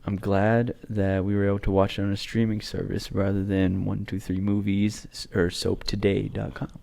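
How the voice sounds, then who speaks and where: A man's voice: lowish voice, monotone, moderate pace, creaky, darkish tone. A man in his twenties co-hosting a podcast, chatting casually and rambling with lots of fillers. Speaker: podcast co-host. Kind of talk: casual chat.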